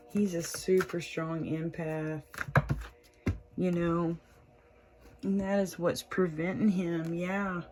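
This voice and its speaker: This tarot reader and channel host speaks to camera with a fairly low pitch, keeping things warm and chatty as she laughs often and says "y'all" a lot. She's a young woman casually reading cards for her viewers, captured on a low-quality recording.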